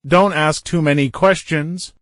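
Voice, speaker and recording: A man's voice: a little high, fairly even intonation, a little slow, fairly bright tone, no room sound, clean studio sound. A man reading everyday English phrases for beginners, saying each short phrase and then repeating it inside a longer sentence. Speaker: English teacher. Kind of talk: reading example phrases for learners.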